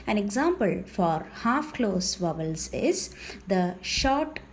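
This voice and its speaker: Woman, teacher, phonetics lecture, slow delivery, animated intonation, careful repetition. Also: medium pitch, slight background noise. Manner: slow, careful, repeats key terms. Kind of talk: explanatory lecture.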